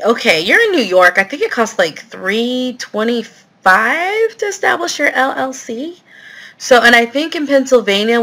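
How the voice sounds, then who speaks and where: Chatty bright-voiced woman host. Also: mid-range voice. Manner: chatty, filler-heavy, answers viewer questions. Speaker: real estate investing host. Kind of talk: live Q&A, casual chat.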